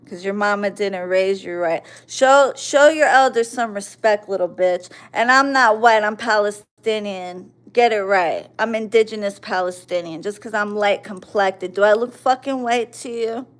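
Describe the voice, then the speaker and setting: A woman's voice: mid-range voice, normal speed, few pauses. Profane woman in her forties ranting. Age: 40s. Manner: profane, confrontational, mocking. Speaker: livestream host. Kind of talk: angry ranting at commenters.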